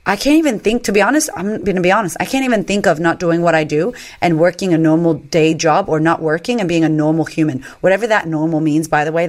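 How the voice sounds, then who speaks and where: A woman in her thirties telling stories candidly as a podcast guest, swearing freely and acting out what people said. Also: fairly low pitch. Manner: animated, swears freely, acts out quotes. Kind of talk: candid conversational storytelling.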